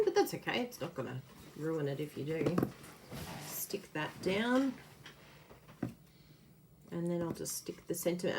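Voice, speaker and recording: A woman hosting a casual card-making demo, chatty and quick to laugh as she works. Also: sits low, slight background noise. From Australia. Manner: chatty, laughs often, explains while working. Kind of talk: casual live craft demo.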